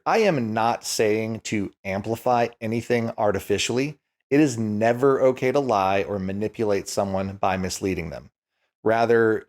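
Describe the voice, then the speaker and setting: A man giving a scripted explainer lesson on selling, in a clear, measured teaching voice. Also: on the low side. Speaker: YouTube educator.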